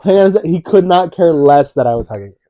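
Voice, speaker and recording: A young man co-hosting a casual chat, telling stories with animated, acted-out quotes. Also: a little high, fast talker, dry recording, highs cut off. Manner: animated, acts out quotes in a raised voice. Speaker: co-host.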